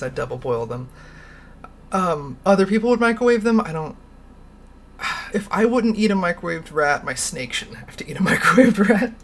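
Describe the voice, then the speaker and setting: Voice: mid-range voice, a bit bright, a little hiss or hum. A livestream host telling stories in a casual, rambling way, laughing often and swearing casually.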